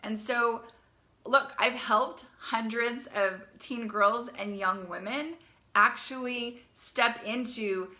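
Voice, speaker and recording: A young woman coaching teen girls, talking in a live video to parents in a fast, chatty way, often repeating herself and asking "right?". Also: fairly high pitch, steady tone, sharp tone.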